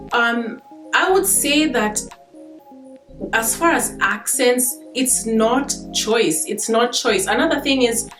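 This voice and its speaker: A woman's voice: fairly high pitch, a bit bright. A woman from Kenya with a Kenyan accent, chatting casually to camera as a vlogger, repeating her points and laughing easily. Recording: roomy sound with faint guitar music.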